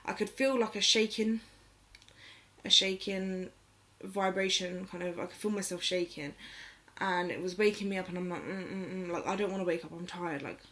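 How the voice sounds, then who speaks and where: A woman's voice: lowish voice, fairly even intonation, normal speed, a bit bright. Woman telling a spooky story, rambling. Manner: rambling, filler-heavy, emotional retelling. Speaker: vlogger. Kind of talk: casual storytelling.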